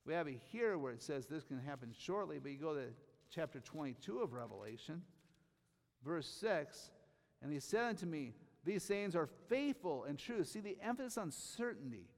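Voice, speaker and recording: A man preaching a sermon, reading scripture slowly and rising to loud emphatic bursts on key phrases. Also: on the high side, sing-song, in a large hall. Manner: reads scripture aloud slowly.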